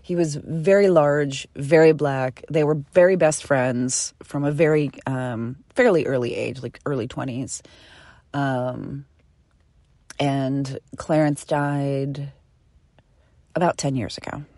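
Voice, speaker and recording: Woman, low pitch, animated casual storyteller, dry close sound. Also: slow pace, no echo. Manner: animated, chatty, swears casually.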